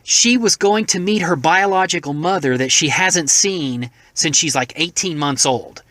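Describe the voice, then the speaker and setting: A man's voice: a little high, measured pace, sharp tone, dry recording. Profane Southern man vlogging from his truck. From Tennessee, US. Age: middle-aged. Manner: loose and profane, laughs at his own jokes. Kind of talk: casual vlog storytelling. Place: in and around his truck at night, on the road.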